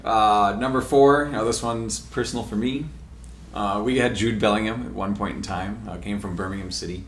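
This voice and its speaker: A man's voice: fairly low pitch, fairly even intonation, moderate pace. A man co-hosting a podcast, casually and enthusiastically running through a list of soccer transfers and laughing often. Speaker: podcast co-host. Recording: echoey room with faint noise.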